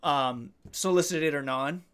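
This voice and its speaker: Male streamer in his thirties, slightly high pitch, loose jokey chat with viewers. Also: a little slow, a bit bright, smooth. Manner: joking, self-deprecating, swears casually. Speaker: livestream host. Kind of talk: casual live-stream chat reading comments.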